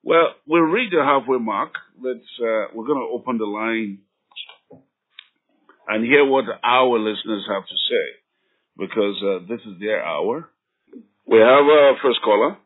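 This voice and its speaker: Male talk-radio host, husky, measured delivery, lo-fi broadcast sound. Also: medium pitch. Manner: measured, takes callers.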